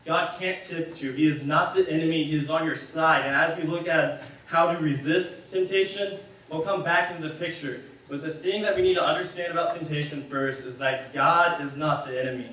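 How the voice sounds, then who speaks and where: A man's voice: fairly high pitch, normal speed, a bit bright. A man giving a casual, conversational sermon, rambling and correcting himself as he goes. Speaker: speaker. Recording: echoey hall, mic far off.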